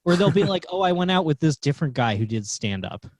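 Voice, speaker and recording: Wry, self-deprecating comedian guest. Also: male voice, fairly high pitch, sing-song, quick pace, dry recording, studio quality. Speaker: podcast guest, stand-up comedian. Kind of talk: casual chat.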